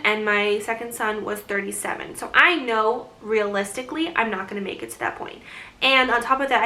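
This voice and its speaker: Fairly high-pitched and sharp, this young vlogger's voice carries a casual pregnancy update. She's breathless as she talks, rambling along and breaking into laughter often.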